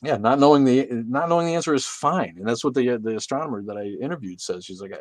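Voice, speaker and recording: Sarcastic, swearing livestream host. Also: male voice, medium pitch, lively intonation, fast talker, hardly any pauses, dry recording. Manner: sarcastic, joking, swears freely. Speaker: livestream host reading chat comments. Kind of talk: casual profane livestream chat. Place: his room.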